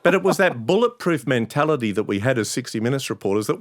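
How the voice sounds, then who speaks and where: A middle-aged Australian man, a news presenter, telling animated stories in a podcast interview. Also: mid-range voice, fast talker, hardly any pauses, no room sound, clean studio sound. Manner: animated anecdotes, acts out quoted voices.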